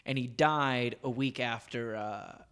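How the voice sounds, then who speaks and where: A man's voice: medium pitch, a little slow, a bit bright, clean tone. A man hosting a casual, comedic podcast chat, swearing freely and laughing often as he rambles. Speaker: podcast host.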